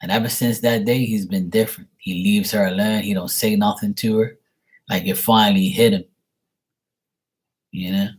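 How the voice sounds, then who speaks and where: Man, lowish husky voice, blunt and profane, rambling casual rant. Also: fairly even intonation, normal speed, pauses often. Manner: blunt, profane, repeats himself. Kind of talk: casual venting monologue.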